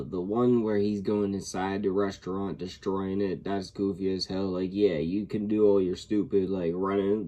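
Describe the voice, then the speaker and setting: A man's voice: low voice, mellow, highs cut off. A man chiming in with laid-back, profane, dry remarks in casual reaction chat.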